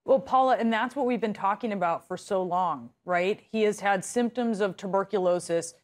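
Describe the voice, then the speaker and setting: A woman's voice: mid-range voice, normal speed. A woman anchoring a live news interview, asking empathetic, probing questions.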